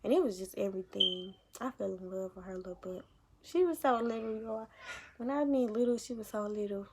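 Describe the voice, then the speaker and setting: A young woman chats to her viewers in a relaxed, rambling vlog. Her talk is full of slang and asides to y'all. Her voice sits mid-range with a gravelly fry at the ends of lines. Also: medium pitch, a little fast, background noise. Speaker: vlogger. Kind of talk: casual storytelling to camera.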